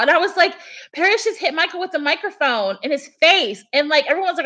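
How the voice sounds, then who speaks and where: A woman's voice: very high voice, expressive, quick pace, bright, forceful tone. A young woman chatting casually on a livestream, telling a story in a rambling way full of fillers. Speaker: livestream host.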